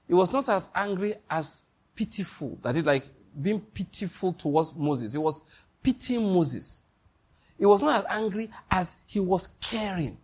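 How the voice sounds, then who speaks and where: Nigerian male preacher, husky and fairly high-pitched, emphatic, repeats points, quizzes listeners. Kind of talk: sermon.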